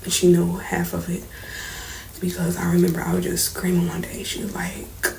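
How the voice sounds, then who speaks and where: Young woman storytime vlog, low kinda gravelly voice, swears a lot, echoey room. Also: completely flat delivery, normal speed. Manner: candid, slangy, swearing, emotional. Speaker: vlogger telling her story. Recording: roomy echo, faint background noise.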